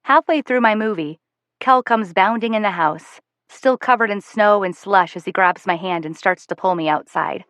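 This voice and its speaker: A woman narrating a first-person audiobook in a steady, measured way. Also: mid-range voice, dry recording.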